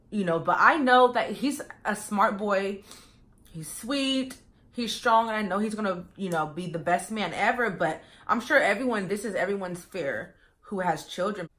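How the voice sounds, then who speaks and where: A woman's voice: medium pitch, a bit bright. A young woman vlogger chatting casually to her viewers, full of fillers and often calling them you guys. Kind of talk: casual get-to-know-me chat.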